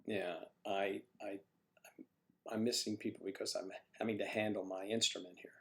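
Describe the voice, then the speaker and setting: A man's voice: fairly low pitch, flat delivery, normal speed, fairly bright tone. Coughing man chatting on a livestream. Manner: rambling, chatty, joking with the chat. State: has a cough. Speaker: livestream host. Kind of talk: casual livestream chat answering viewers. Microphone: microphone on a stand he keeps adjusting.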